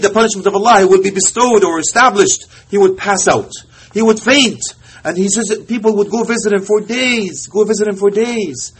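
A male preacher telling a story in a sermon, impassioned, often dropping to a hush and mixing in Arabic phrases. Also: sits high, a little hiss or hum.

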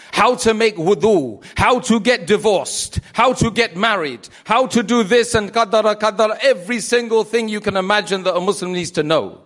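A man telling his own conversion story in a religious talk, animated, acting out the voices he quotes and repeating phrases for emphasis. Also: high voice.

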